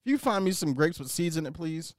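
A man co-hosting a casual chat, telling rambling, animated stories. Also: on the high side, fast talker, no room sound, clean studio sound. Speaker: podcast co-host.

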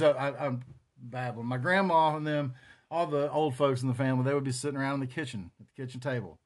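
A man's voice: medium pitch, fast. A man in his forties with a North Carolina Southern accent, hosting a solo podcast and reminiscing in a rambling, profane, casual way. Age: 40s. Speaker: podcast host.

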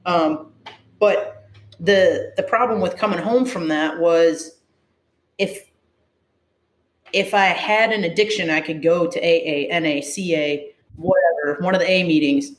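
A woman's voice: fairly low pitch, a little slow. A woman first responder tells her story to an interviewer in a candid, emotional way. She is blunt and swears freely. The sound rings around an echoey room.

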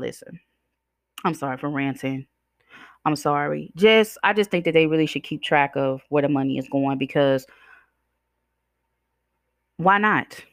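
A woman's voice: lowish voice, bright, forceful tone, no echo, studio quality. A woman hosting a podcast, ranting casually with a blunt, sassy, profane manner and a slight slur from chewing gum, speaking. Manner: blunt, sassy, profane, addresses listeners as "y'all" and "child". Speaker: podcast host.

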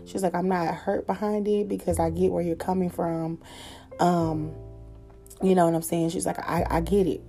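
A woman's voice: fairly low pitch, little pitch movement, moderate pace, mellow, faint music behind. Candid young woman telling a story. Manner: candid, profane, conversational with fillers. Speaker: podcast host. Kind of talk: casual storytelling monologue.

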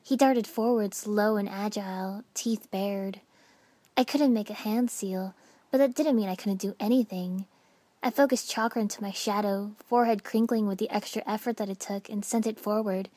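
A woman narrating a first-person story with dramatic expression, dropping to hushed whispers at tense moments. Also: medium pitch, fairly even intonation, normal speed, dry recording. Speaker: audiobook narrator.

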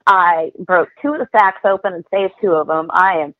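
A woman talks in a casual podcast chat, animated and blunt, swearing freely as she tells her stories. Her voice sits a little low. It comes through a narrow, phone-like line that is completely dry. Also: normal speed, no echo. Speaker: podcast guest.

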